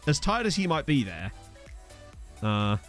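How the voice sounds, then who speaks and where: Chatty man from Essex with lively pitch. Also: measured pace, soft background music. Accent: Essex English. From Essex, England. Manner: chatty, reads chat aloud, jokey asides. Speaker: streamer. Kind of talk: casual live-stream game commentary.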